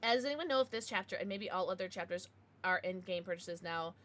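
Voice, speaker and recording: A woman's voice: on the low side, fairly quick, fairly bright tone. A young American woman chatting casually on a livestream, giggly and bubbly as she greets viewers and reads out chat.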